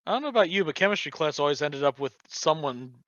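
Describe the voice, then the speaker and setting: A man's voice: on the high side, lively intonation, fast talker, fairly bright tone, no room sound, dull audio. A man co-hosting a casual podcast chat, cracking jokes. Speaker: podcast co-host.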